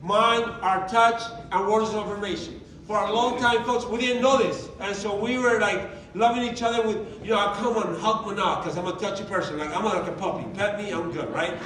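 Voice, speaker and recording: High-voiced man giving a motivational talk. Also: a little fast, hardly any pauses, fairly bright tone. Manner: conversational and emphatic, with many rhetorical questions. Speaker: workshop presenter. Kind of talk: motivational talk to a live group. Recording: echoey room, mic at a distance.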